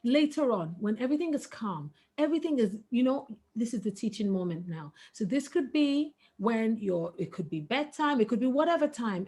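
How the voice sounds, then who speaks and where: Woman, middle-aged, slightly high voice, earnest and emphatic, parenting webinar talk. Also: big pitch swings, normal speed, hardly any pauses, a little mellow, slightly rough. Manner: earnest, emphatic, breaks into laughter. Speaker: guest speaker on parenting.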